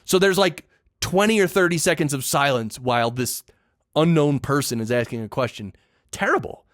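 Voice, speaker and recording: A man's voice: on the high side, moderate pace, fairly bright tone, no echo, studio quality. A man hosting a solo podcast, giving a casual, opinionated rant full of emphatic repeats and blunt judgments. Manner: opinionated, emphatic ranting with repetitions. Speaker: podcast host.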